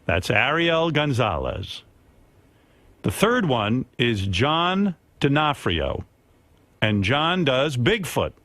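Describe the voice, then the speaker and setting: A man hosting a radio show, talking in a casual, wry and animated way into a studio mic. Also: mid-range voice, takes it slowly, no echo. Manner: animated, wry, reacting and laughing. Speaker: radio host.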